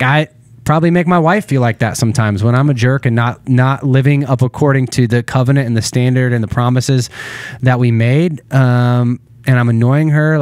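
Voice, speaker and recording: A man's voice: mid-range voice, darkish tone, no echo. A man co-hosting a church podcast, rambling and self-deprecating, with many fillers. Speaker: podcast co-host. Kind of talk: casual church podcast chat.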